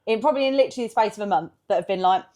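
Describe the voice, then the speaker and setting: A woman's voice: medium pitch, rapid-fire, mellow. A woman co-hosting a podcast in casual chat, teasing and pushing her friend with questions. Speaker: podcast co-host.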